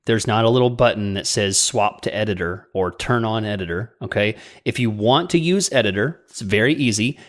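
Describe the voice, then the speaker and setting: A man's voice: lowish voice, normal speed, hardly any pauses. A man co-hosting a podcast in casual chat, chatty and joking with sarcastic asides. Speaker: podcast co-host.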